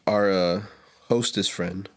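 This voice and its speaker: A man co-hosting a podcast in casual chat, telling a lively story and acting out the people in it. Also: deep voice, takes it slowly. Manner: animated storyteller, acts out quotes with loud yelps. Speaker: podcast co-host; restaurant server.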